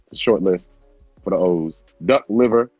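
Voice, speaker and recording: A man's voice: sits low, moderate pace, breathy edge, no room sound, dull audio, soft background music. A man in casual chat with friends, laughing often as he reads out food lists from a book.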